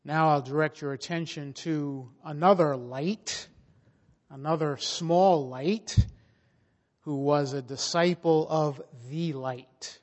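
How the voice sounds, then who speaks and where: A man preaching a sermon slowly and emphatically, his voice rising and swelling in volume for emphasis. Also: on the high side, fairly even intonation. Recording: long reverb of a large hall.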